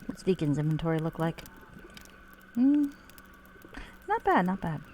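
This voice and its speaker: A woman's voice: sits low, very animated, unhurried, warm tone, slight background noise. A woman streamer casually chatting while playing, sweary and self-mocking, with faint game music behind her. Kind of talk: casual gameplay commentary.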